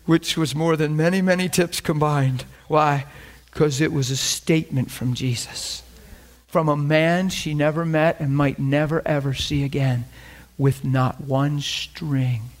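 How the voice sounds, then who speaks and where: Man, middle-aged, preacher, sermon, storytelling, acts out voices, slightly high pitch. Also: fairly even intonation, a little slow.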